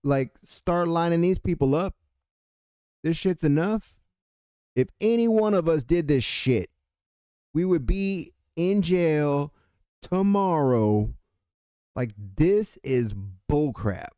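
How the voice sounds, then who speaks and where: Speaking slowly and pausing often, this Californian political commentator delivers a heated, profanity-laced rant. His voice sits a little high, with lively intonation and a dark, smooth tone. It's clean studio sound without echo.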